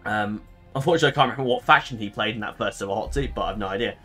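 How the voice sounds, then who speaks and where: A man's voice: lowish voice, racing, fairly bright tone, soft background music. A man hosting a gaming channel, chatting casually to his viewers in a rambling, hesitant way, often correcting himself and filling gaps with ums.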